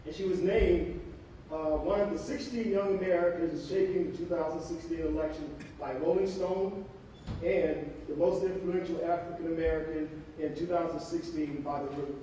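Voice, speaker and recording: A man's voice: on the high side, steady tone, normal speed, dark tone, a little hiss or hum. A man reading a guest speaker's introduction at a public event, stumbling and correcting himself as he goes. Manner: reads from notes with stumbles and self-corrections. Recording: roomy hall audio from a distant mic.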